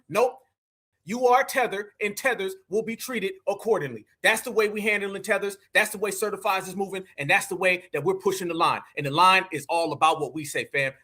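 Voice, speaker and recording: A man's voice: high-pitched, sharp tone. A man hosting a live commentary stream, talking in an emphatic, preachy way with lots of slang. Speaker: livestream host.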